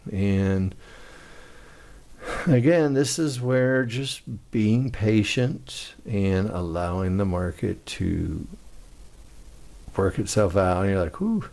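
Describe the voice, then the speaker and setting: A man's voice: on the low side, slow pace, creaky, pauses often, a little mellow. A man walking through a day-trading chart in a casual, conversational way, talking through each trade as he goes. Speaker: trading instructor. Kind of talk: screen-share trading walkthrough.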